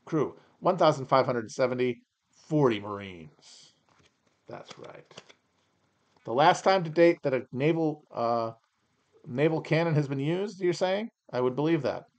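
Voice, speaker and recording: A man hosting a comedy podcast, reading aloud and tossing off sarcastic, profane asides. He rambles and restarts, and his voice sits a little high for a man. The tone is loose, mocking banter. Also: animated, unhurried, darkish tone. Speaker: podcast host. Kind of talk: casual comedic commentary.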